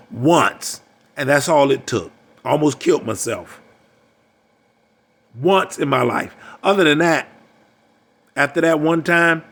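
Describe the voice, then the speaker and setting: A man's voice: medium pitch, gravelly, fairly bright tone. Older man, emphatic relationship coach, preachy monologue, repeats himself. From United States.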